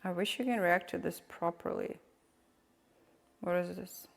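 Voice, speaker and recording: A woman's voice: fairly low pitch, measured pace, vocal fry, long reverb tail. A woman streamer chatting casually, rambling and asking questions as she reacts to clips. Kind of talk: casual live-stream chat.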